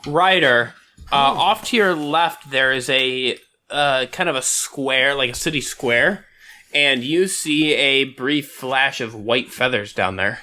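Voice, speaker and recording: A man narrating a tabletop game as game master, describing scenes with frequent pauses. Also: mid-range voice, sharp tone.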